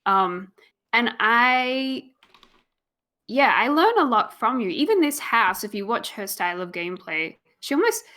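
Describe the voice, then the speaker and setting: Australian woman, casual streamer co-host, bright and giggly. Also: fairly high pitch, very animated, unhurried. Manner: chatty, reads chat aloud, giggly. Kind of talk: casual live-stream chat.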